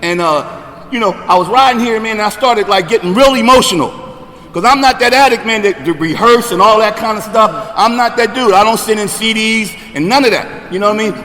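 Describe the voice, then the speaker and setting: A man in his sixties sharing his recovery story at a meeting, talking conversationally and checking in with the room, getting louder and emphatic on key points. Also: high-pitched, long reverb tail. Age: 60s. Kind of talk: personal recovery share.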